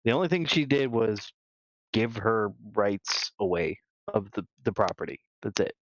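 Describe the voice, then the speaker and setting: A man's voice: on the low side, lively intonation, a little slow, slight background noise. Rambling man on a gaming podcast. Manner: rambling, many restarts and "you know"s. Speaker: podcast co-host. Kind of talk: casual podcast discussion. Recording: dull lo-fi dry sound.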